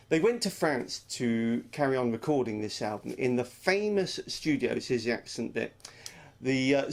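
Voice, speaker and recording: A man presenting a classic album feature, chatty with wry asides. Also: mid-range voice. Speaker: music segment presenter.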